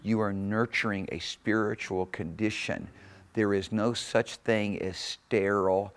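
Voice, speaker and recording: A pastor preaching a fervent sermon in a church, surging loud on key phrases and chuckling between points. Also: male voice, fairly low pitch, steady tone, measured pace. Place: church sanctuary.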